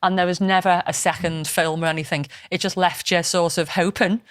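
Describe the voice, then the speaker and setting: A woman's voice: fairly low pitch, level tone, fairly quick, dry recording, clean studio sound. A woman, chatting casually as a podcast host and retelling a film plot with plenty of swearing. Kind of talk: casual storytelling chat. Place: podcast studio.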